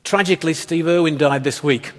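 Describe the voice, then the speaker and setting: This pastor's sermon comes brisk and fairly high-pitched, earnest and forceful, punctuated by rhetorical questions. It was recorded in a church hall with long reverb.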